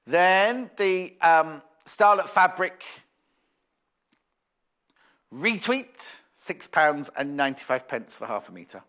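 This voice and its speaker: On a live shopping channel, a man demonstrates fabrics for sale, chatting, thinking out loud, and reading viewer messages. His voice is slightly high, animated, pushed and bright, and he takes his time.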